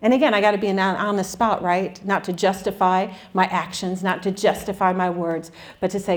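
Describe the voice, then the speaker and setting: A woman in her forties speaks at a middle pitch in an earnest, candid faith talk. She mixes sincere encouragement with self-deprecating humor about her own struggles. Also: steady tone, a little fast, hardly any pauses. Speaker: Christian speaker.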